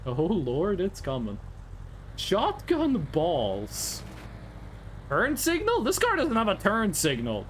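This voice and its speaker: During a casual driving-game stream, a man rambles and jokes, breaking into snatches of songs. His voice sits high and swoops wildly in pitch, delivered slowly over slight background noise.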